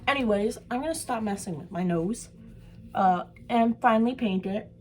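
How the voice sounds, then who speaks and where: A young woman vlogging while she does special effects makeup, chatting casually and poking fun at herself, sometimes trailing off into soft mumbles. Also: on the high side, normal speed, rough recording. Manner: chatty, self-mocking, drifts into soft mumbles. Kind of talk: rambling casual chat while doing makeup.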